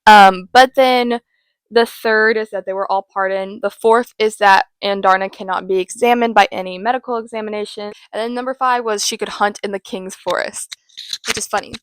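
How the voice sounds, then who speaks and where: A woman's voice: mid-range voice, fairly even intonation, normal speed, smooth, no room sound. A woman hosting a casual book recap, talking in a rambling, chatty way with self-mocking asides. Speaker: host.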